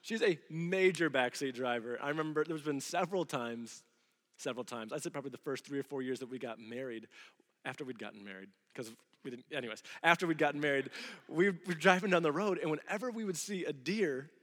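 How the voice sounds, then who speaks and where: Male pastor, 30s, fairly high voice, lively sermon storyteller, reverberant church. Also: fairly quick. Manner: animated storytelling, acting out quoted voices. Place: church sanctuary. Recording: long hall reverb.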